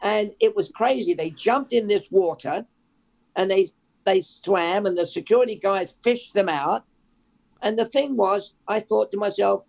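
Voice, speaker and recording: An older man from England, a journalist guest, telling stories in a lively, conversational way with many restarts. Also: sits high, a little slow, vocal fry. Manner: storytelling, animated, restarts with repeated words. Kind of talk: conversational interview.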